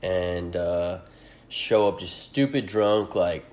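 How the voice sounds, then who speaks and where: A man's voice: low voice, slow pace, a little mellow. A man in his twenties hosting a podcast, telling rambling, profane stories in casual chat and acting out the quotes. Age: 20s. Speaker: podcast host.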